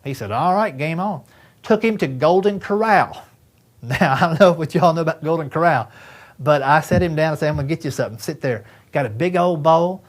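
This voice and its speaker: A man's voice: a little high, a little fast. A man in his fifties doing a stand-up comedy routine, telling folksy stories and acting out dialogue with his doctor and friends. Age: 50s.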